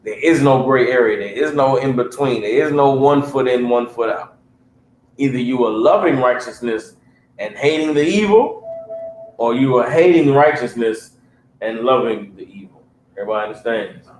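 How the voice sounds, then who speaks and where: A man's voice: medium pitch, normal speed, darkish tone. A man preaching a scripture class in blunt, emphatic terms, stopping often to ask if his listeners follow. His mid-range voice rings through a reverberant room with a faint hum behind it. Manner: emphatic, keeps asking listeners if they understand; blunt street-level talk. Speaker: Bible class teacher. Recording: roomy echo with faint hum.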